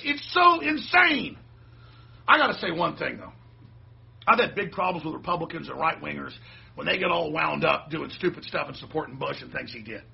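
A man hosting a show, delivering a heated, combative political rant that bursts into shouting. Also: fairly high pitch, gravelly, slightly rough, lo-fi sound. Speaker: host.

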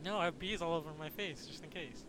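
A man's voice: fairly high pitch, fast talker. A young man chatting casually with friends, making crude jokes and laughing a lot. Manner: giggly, crude joking. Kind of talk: casual chat. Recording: noisy background hiss.

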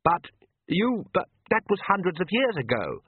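A man's voice: high voice, big pitch swings, moderate pace, breathy edge, no room sound, pitched above the performer's own voice, full character voice. A man playing a stammering young priest. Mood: flustered. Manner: hesitant, stumbling over solemn archaic words. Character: nervous young male priest, stammering archaic oaths. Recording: tinny phone-like audio.

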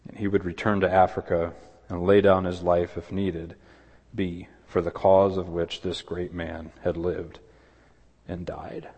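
A man preaching a sermon as pastor, earnest, with quick asides and objections voiced in a higher pitch. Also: level tone, a little mellow, breathy edge, muffled recording. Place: church sanctuary. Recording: long hall reverb.

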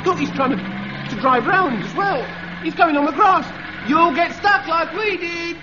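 A whiny, childish young private. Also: male voice, extremely high pitch, measured pace, lo-fi sound. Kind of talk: 1970s radio sitcom acting. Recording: old radio recording with loud audience laughter and hiss.

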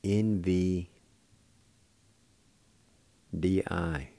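A man's voice: sits low, steady tone, drawn-out words, dark tone, dry recording. A man hosting a radio language lesson who patiently spells each word letter by letter and repeats every pronunciation. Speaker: radio host teaching vocabulary.

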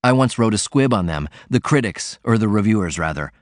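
A man's voice: lowish voice, lively intonation, brisk, no room sound, studio quality, close to an everyday voice. A man voicing an earnest, eager young male sailor who writes poetry.

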